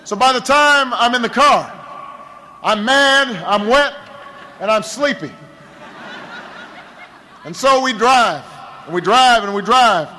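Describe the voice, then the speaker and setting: A man's voice: very high voice, expressive, takes it slowly, long pauses, bright, forceful tone, slight background noise, rough recording. A man, a political candidate, giving a campaign rally speech, telling a story with lots of repetition and a rhetorical build, with stammered restarts.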